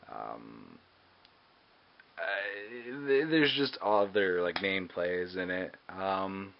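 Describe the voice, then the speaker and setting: Hesitant man on a dull lo-fi recording. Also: deep voice. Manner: hesitant, many ums and uhs. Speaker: movie reviewer. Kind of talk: casual movie review. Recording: dull lo-fi recording with faint hiss.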